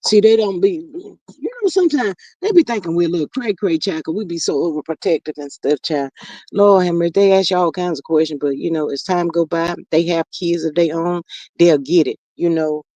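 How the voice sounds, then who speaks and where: On her live stream, a woman with a warm, lowish, expressive voice reads comments from viewers a little quickly, sighing in a folksy way and calling them "child" and "y'all." A streaming mic captures dry, dull lo-fi audio free of echo.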